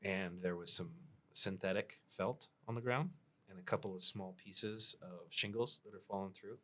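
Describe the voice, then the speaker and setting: A man's voice: low-pitched, fairly even intonation, moderate pace, bright, forceful tone. A male roofing contractor telling work stories in a casual podcast chat, laid-back, with frequent chuckles and fillers.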